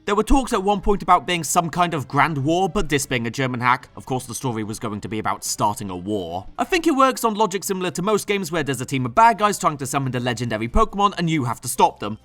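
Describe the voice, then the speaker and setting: A man's voice: high voice, pushed and bright. A man reading a scripted comedic game review with a sarcastic, snarky manner.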